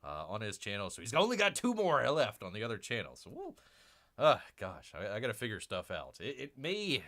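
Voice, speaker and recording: Man, live-stream comic chat, talks about himself as Bear, very swooping pitch, rambling, lots of ums, calls viewers people. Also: wildly swooping pitch, a little fast, fairly bright tone. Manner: rambling, with many fillers and restarts; keeps addressing viewers as "people".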